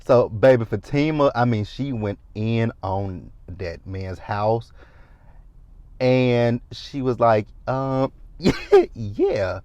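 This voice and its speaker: A man hosting a casual TV recap, animated and profane, laughing often as he retells scenes. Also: medium pitch, slow, dry recording, muffled recording. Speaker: TV show recap host.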